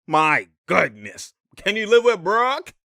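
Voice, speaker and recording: Excitable, bright-voiced young man. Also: sits high, slow pace, vocal fry, no room sound, studio quality. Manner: excitable, slangy, laughs a lot. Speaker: basketball commentator. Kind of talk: casual game breakdown over footage.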